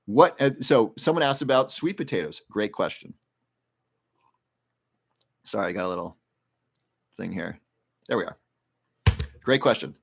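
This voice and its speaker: A man's voice: fairly low pitch, very animated, brisk, gravelly, pauses often, breathy edge. A man hosting a casual livestream Q&A, reading viewer questions aloud and explaining health research in a rambling, conversational way.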